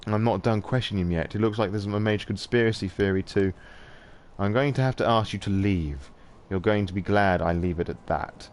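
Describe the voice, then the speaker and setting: A man's voice: lowish voice, a little fast, a little hiss or hum, natural voice. A man voicing a stern, menacing male sheriff in a video game read-through, speaking in a cold, threatening way.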